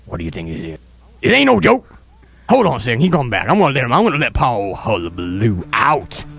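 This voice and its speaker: A man hosting a crude comedy radio show in a put-on Southern accent, drawling and mocking, breaking into sudden high yelps. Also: big pitch swings, fast, a bit bright, breathy edge, no room sound. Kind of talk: crude comic radio banter in a character voice.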